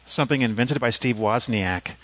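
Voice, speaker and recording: A man's voice: mid-range voice, normal speed, fairly bright tone. A man co-hosting a podcast in casual chat, laid-back and joking. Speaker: podcast co-host.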